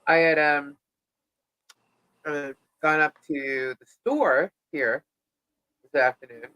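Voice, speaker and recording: A middle-aged woman co-hosting a live podcast, chatting casually and telling an animated story in which she acts out what people said. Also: sits low, takes it slowly, dry recording, rough recording. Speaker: podcast co-host.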